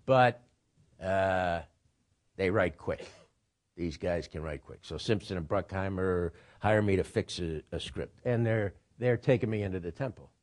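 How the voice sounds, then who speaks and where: Low-voiced man giving a rambling lecture. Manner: rambling, digressive, profane storytelling. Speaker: writer lecturing on writing. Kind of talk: informal lecture.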